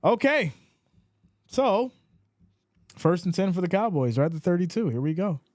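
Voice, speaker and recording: Male stream host calling game plays; fairly high, animated, dry mic. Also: moderate pace, no echo. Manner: animated, rises in pitch when excited. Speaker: live stream play-by-play host. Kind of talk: play-by-play commentary with chat reading.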